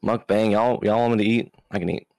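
A man's voice: fairly low pitch, steady tone, brisk, creaky, darkish tone, no room sound, studio quality. Laid-back man from Hawaii, joking. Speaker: guest. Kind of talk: casual livestream chat.

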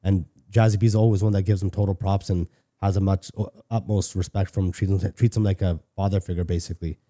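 Low, dark-voiced man telling a story. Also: steady tone, fast. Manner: candid, swears freely, many restarts. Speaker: podcast guest. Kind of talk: casual storytelling.

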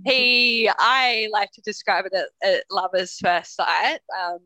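A woman's voice: mid-range voice, slow, bright, forceful tone, no echo. A young woman, co-hosting a podcast and telling personal stories in a candid, casual way, swearing freely and laughing as she talks. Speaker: podcast co-host. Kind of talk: casual storytelling chat.

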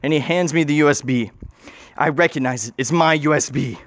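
A man's voice: on the high side, fairly quick, no echo, clean studio sound. A young man telling a goofy, rambling improvised story, interrupting and correcting himself as he goes.

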